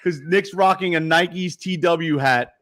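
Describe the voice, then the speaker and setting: A man on a casual sports podcast with a slightly high voice. He rambles through his stories in a laid-back way, leaning on fillers like "uh" and "like". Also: measured pace, a bit bright. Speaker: podcast co-host.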